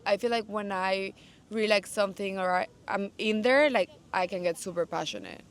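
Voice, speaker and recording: A young woman from Mexico, a guest in a casual interview, talking in a lively, passionate way full of "like". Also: medium pitch, a little fast. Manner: animated, passionate, says "like" a lot. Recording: noisy, without a mic.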